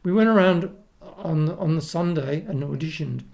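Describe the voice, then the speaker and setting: Gravelly older Australian man reminiscing. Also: fairly high pitch, normal speed, darkish tone. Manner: rambling anecdotes with frequent restarts and laughs. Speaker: guest, retired opera tenor. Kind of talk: casual chat, storytelling.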